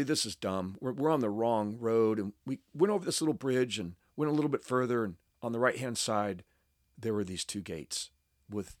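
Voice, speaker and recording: A man's voice: lowish voice, no room sound, clean studio sound. A middle-aged man from the United States telling a story to a live fan audience at a panel, amused at himself and acting out the dialogue. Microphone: panel microphone.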